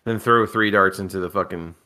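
Sleepy low-voiced wisecracking man. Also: a little fast, sharp tone. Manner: drowsy, wisecracking. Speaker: podcast co-host. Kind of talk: casual chat.

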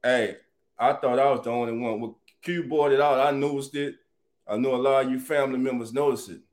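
Animated New man hosting sports chat. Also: on the high side. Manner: animated, greets viewers by name, calls them family. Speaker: sports talk show host. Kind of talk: casual live-stream sports chat.

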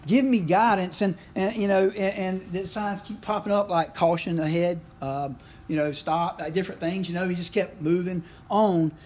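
A man's voice: sits high, steady tone, moderate pace, a little mellow, slight background noise. A middle-aged man, preaching a conversational sermon full of asides and questions to the congregation. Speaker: pastor.

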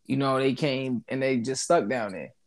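A man in a laid-back casual podcast chat, throwing in quick reactions. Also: mid-range voice.

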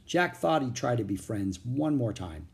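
A man narrating a children's chapter book, expressive, doing all the character voices. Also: mid-range voice, normal speed, vocal fry.

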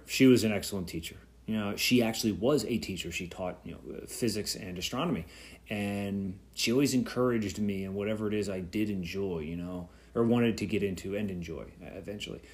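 A man in his thirties hosting his own podcast, talking alone in a reflective, rambling way with many fillers and restarts. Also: lowish voice. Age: 30s. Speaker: podcast host. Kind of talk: solo podcast talk.

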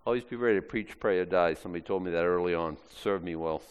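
A man's voice: deep voice, fast talker, clean tone. A man preaching a sermon, acting out quoted lines in shifting voices. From Maine, US. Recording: long hall reverb.

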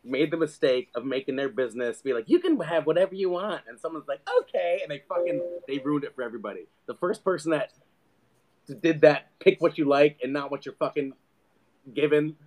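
A man's voice: on the high side, brisk, darkish tone. A man co-hosting a crude comedy chat, ranting with heavy profanity and frequent laughter. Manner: profane, ranting, laughs often, mocking voices.

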